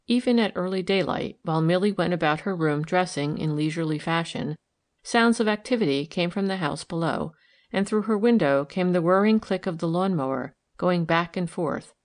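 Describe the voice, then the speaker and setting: A woman narrating a novel in an even, measured reading style. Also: on the low side. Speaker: audiobook narrator. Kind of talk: scripted narration.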